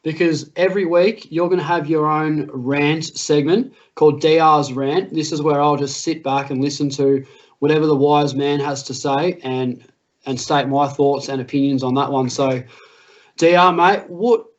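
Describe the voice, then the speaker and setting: Australian male podcast co-host, higher voice, dull lo-fi mic, chatty and casual. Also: normal speed. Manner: chatty, says mate often. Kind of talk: casual sports podcast chat.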